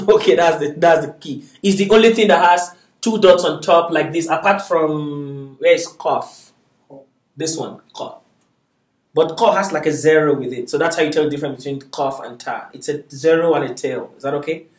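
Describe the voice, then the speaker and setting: A man's voice: a little high, normal speed, reverberant, recorded from a distance. A man teaching a beginners' Arabic class, patiently drilling syllables aloud and constantly checking that his students are following. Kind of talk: classroom lesson.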